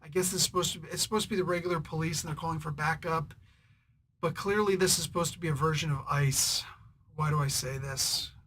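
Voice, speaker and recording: A man hosting a comic book review, rambling in a casual, irritated way with sarcastic asides and frequent throat clearing. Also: fairly high pitch, fairly even intonation, brisk, a bit bright, a little hiss or hum.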